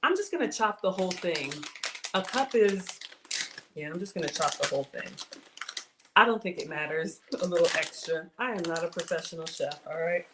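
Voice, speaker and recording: A woman's voice: fairly low pitch, lively intonation, normal speed. Chatty Southern woman cooking in a noisy kitchen. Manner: chatty, self-deprecating, addresses viewers as y'all. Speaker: cooking show host. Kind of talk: casual cooking livestream chat. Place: home kitchen.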